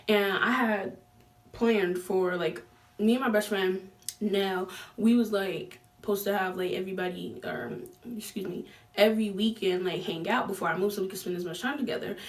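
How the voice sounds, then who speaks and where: A young woman vlogger telling a story in casual chat, slangy and animated, with lots of fillers. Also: mid-range voice, moderate pace, distant mic.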